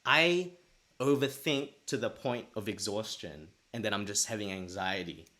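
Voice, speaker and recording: A man's voice: fairly low pitch, moderate pace, sharp tone. A young man co-hosting a podcast, telling a story in casual chat and acting out his own past thoughts. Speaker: podcast co-host.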